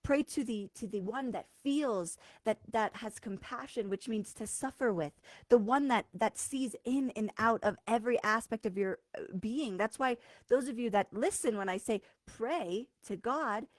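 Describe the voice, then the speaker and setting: A woman's voice: a little high, unhurried, no room sound. A woman speaking as a spiritual coach in a live-streamed talk, casual and blunt, often checking in with her listeners. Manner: emphatic, direct, keeps checking in with "okay?"; casual and blunt, swears now and then.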